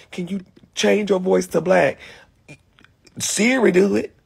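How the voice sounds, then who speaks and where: A man's voice: sits high, a little slow, vocal fry, long pauses, darkish tone, a little hiss or hum. A man with a cold, hosting a casual livestream from his guest room at home and ranting in a brash, profane way. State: has a cold. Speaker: livestream host. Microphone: phone livestream.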